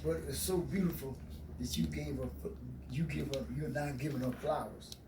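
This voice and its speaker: A man's voice: a little high, fairly even intonation. Guy hosting a community interview, keeps repeating himself, sounds far off in an echoey noisy room. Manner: halting, repeats words, encouraging. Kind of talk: community talk show interview. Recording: roomy, distant, noisy.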